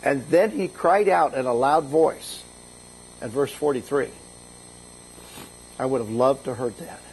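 A man's voice: mid-range voice, unhurried, darkish tone, slight background noise, rough recording. A middle-aged man, a bishop, preaching a conversational sermon, retelling scripture in a casual, folksy way and lifting his voice for quoted lines.

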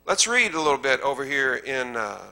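Emphatic Southern preacher with a bright voice. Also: male voice, medium pitch, sing-song, fairly quick, clear, resonant tone. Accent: Southern American. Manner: conversational preaching that swells into emphatic repetition. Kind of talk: sermon. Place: church sanctuary.

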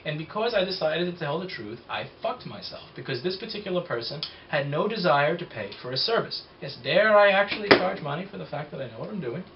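A sarcastic, blunt man rants through a story, his fairly high voice jumping up and down as he goes. He swears freely. The recording is a little muffled, with a faint hiss underneath. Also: sing-song, brisk, hardly any pauses. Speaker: repair shop owner. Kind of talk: casual storytelling rant.

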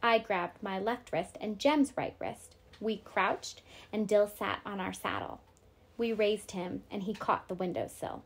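A woman teacher reading a novel aloud to her class, steady and clear. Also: mid-range voice, measured pace.

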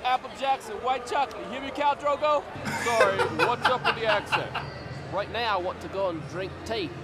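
A man voicing an absurd, blustery basketball player in a lip-reading parody dub, with silly lines that swing between shouting and muttering. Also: sits high, moderate pace, lightly acted. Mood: goofy. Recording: arena crowd and loud noise behind.

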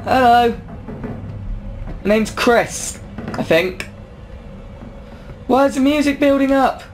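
A man's voice: very high-pitched, slow, pauses often, a little hiss or hum. Jumpy young man commenting on a horror game. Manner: jumpy, yelps and talks back at the game. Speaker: gaming YouTuber.

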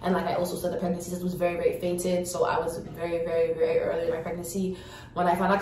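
A woman in her early twenties telling a personal story to her viewers in a frank, animated way, swearing freely. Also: on the low side, fast, recorded from a distance, slight background noise. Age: early 20s. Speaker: vlogger. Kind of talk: casual storytime chat. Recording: echoey room, voice off-mic.

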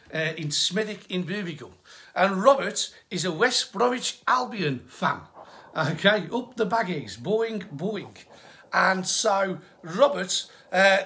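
A man's voice: sits high, creaky, pushed and bright. A man with an English Midlands accent, a tour guide telling history facts in a chatty, jokey live stream and greeting viewers by name. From England.

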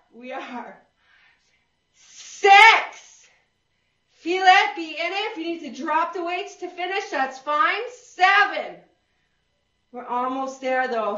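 A woman's voice: very high-pitched, pushed and bright. A woman fitness instructor leading a workout class, counting reps, giving cues and whooping to encourage. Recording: roomy, distant and dull.

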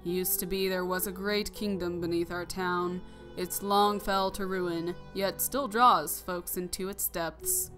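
A woman's voice: lowish voice, fairly even intonation, unhurried, a bit bright, faint music behind. Woman reading as a weary old bug elder.

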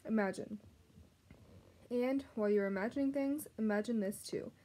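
A woman narrating a children's novel aloud, gently addressing the reader. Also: fairly high pitch, normal speed. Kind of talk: storybook read-aloud narration.

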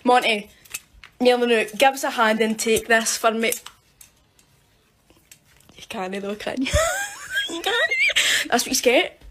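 A woman's voice: a little high, expressive, a little slow, long pauses, noisy background. A woman voicing a mocking animatronic, taunting crudely and giggling.

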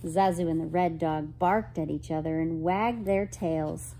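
A woman reading a children's picture book aloud, expressive and gentle, asking her listeners questions. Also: deep voice, a little slow, slight background noise, poor audio. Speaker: storyteller.

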